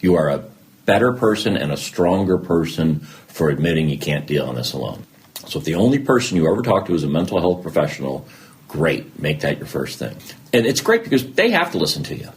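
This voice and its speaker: A brisk, bass-voiced middle-aged man is a guest on a podcast. He talks openly about his life in a candid interview, spinning animated stories and voicing the conversations he remembers.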